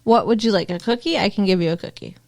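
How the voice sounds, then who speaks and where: A woman's voice: medium pitch, fast talker, darkish tone. A woman co-hosting a casual chat podcast, blunt and teasing, who laughs often. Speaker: podcast co-host.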